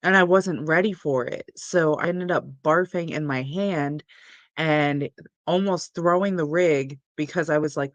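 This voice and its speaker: On a cannabis livestream, the young adult host chats casually and rambles on in an easygoing manner. The voice is medium in pitch and a little slow, captured up close on a dry mic with no reverb from the room.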